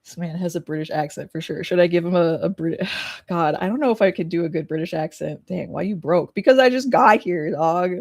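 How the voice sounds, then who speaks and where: A young woman streamer reading a story game aloud and reacting excitably, with laughing asides and loud outbursts. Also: lowish voice, a little fast, no echo, clean studio sound.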